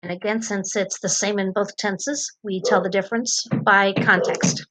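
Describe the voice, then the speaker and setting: A woman's voice: mid-range voice, steady tone, loud music behind the voice, rough recording. A woman teacher narrating a grammar lesson from home, explaining patiently with ums and uhs. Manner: slow, patient explaining with fillers. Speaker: Spanish teacher.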